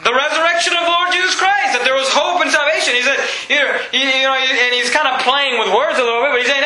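A man preaching a lively sermon. He reads scripture aloud and acts out the people in the story. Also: very high voice, fast talker, few pauses. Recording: echoey room.

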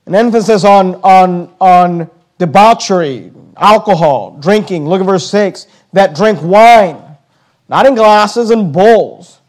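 A man preaching a sermon, slowing down on key words and often repeating himself as he makes his points. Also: high-pitched. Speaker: pastor.

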